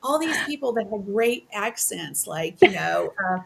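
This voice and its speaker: Woman host, chatty and upbeat, cheering on her listeners, mid-pitch voice. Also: expressive, unhurried, gravelly, very noisy. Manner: enthusiastic, encouraging, speaks to the audience. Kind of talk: casual interview chat.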